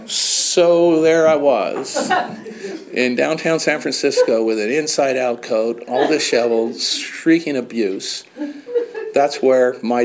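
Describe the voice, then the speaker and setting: A man's voice: medium pitch, noisy background. A man candidly telling his own recovery story with blunt words and wry, self-deprecating humor. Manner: blunt with casual swearing.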